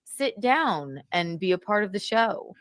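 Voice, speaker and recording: A woman's voice: medium pitch, very animated, a little slow, fairly bright tone, dry recording. A woman hosting a livestream, chatting and gossiping with lots of laughs, swearing and mocking impressions. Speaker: host. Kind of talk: casual gossip commentary on a livestream.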